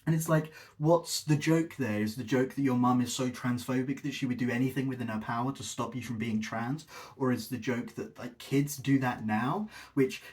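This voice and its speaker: Guy ranting sarcastically in his video essay, exasperated, mid pitch voice. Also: moderate pace, a little mellow. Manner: sarcastic, exasperated critique with mocking asides. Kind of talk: scripted-ish critical commentary.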